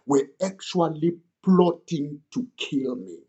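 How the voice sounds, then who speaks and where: A man's voice: on the high side, takes it slowly, dark tone, muffled recording. A young man earnestly retelling an old story in the first person, as if he lived it.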